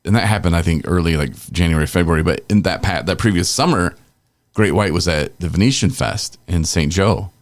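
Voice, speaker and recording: A man's voice: sits low, fairly quick, no echo. A middle-aged man hosting a casual podcast, telling loose rambling stories and chuckling as he goes, on a close podcast mic. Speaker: podcast host.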